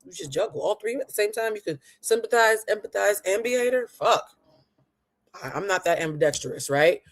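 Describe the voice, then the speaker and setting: A woman's voice: mid-range voice, expressive, a little fast. A woman hosting a live reaction stream, giving sassy, mocking commentary and laughing often. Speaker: host.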